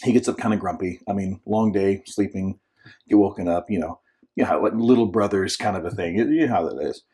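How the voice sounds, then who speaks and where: A lower-voiced man with a slightly husky tone gives a relaxed devotional talk as a church minister. He tells the story in a chatty way, with restarts and asides, and sometimes drops to a whisper or bursts into a shout to act out the voices. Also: fairly quick. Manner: frequent restarts and filler asides. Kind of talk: informal short devotional talk.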